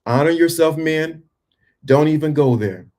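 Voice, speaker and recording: A man giving a motivational talk to men, speaking emphatically and dropping to a hushed, calm tone for effect. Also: a little high, measured pace.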